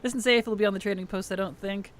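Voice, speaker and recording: A man's voice: sits high, steady tone, fast, slight background noise. A man streaming a game, chatting casually, laughing often and greeting his chat as he plays. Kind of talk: casual gaming livestream chat.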